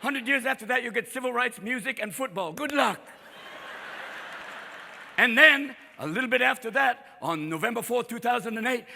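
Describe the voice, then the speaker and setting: Male stand-up comic, manic and profane, high bright gravelly voice, lively pitch; live show, faint crowd. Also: in a large hall, slight background noise. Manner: rapid-fire, manic, profane, constant character voices. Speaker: stand-up comedian. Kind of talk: stand-up comedy set. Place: live comedy venue with audience.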